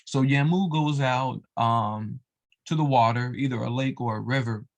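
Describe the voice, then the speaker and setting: A man's voice: medium pitch, normal speed. A man retelling a devotional folk tale in a loose, casual way, with lots of fillers and asides. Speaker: storyteller of religious tales. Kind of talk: casual oral storytelling.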